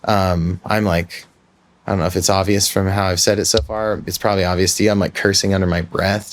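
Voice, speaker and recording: Male podcast host, lowish voice, casual and self-reflective storyteller. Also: little pitch movement, a little fast. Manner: candid, rambling, self-reflective.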